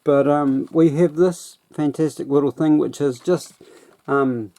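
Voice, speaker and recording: A man's voice: on the high side, steady tone, a little slow, warm tone. A man casually reviewing a toy set in a rambling, self-deprecating way.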